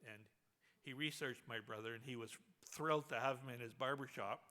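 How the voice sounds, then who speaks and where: A man's voice: mid-range voice, a little fast. Man telling a funny eulogy story. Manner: animated storytelling, laughing along. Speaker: memorial speaker. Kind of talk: humorous eulogy anecdote.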